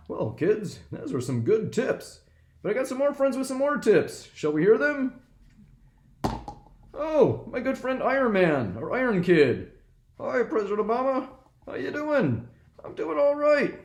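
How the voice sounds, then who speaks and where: Guy doing a friendly president voice, bouncy and high, echoey room. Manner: folksy, chatty, upbeat. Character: adult male impression of a former US president. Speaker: teacher giving exam tips in a skit. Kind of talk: comedic classroom skit.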